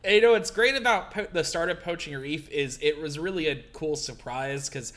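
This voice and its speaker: A man in casual conversation, animated and quick to laugh, with a self-deprecating streak. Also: fairly high pitch. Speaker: podcast co-host. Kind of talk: casual chat about manga.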